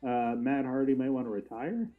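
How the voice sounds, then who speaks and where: A man's voice: medium pitch, expressive, normal speed, phone-quality sound. A man co-hosting a casual wrestling podcast, joking around, laughing often and swearing casually over a remote call. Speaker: podcast co-host.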